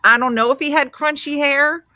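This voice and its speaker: A woman in her fifties with a New Jersey accent, hosting a casual chat show and telling stories in a loud, animated way. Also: high voice, normal speed, dry recording. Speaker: host.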